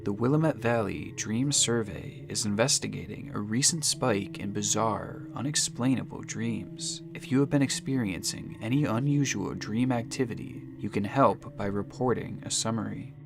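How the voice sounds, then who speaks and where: A man giving scripted, suspenseful mystery narration, measured and slowing down for dramatic phrases. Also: lowish voice, creaky. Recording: narration over music.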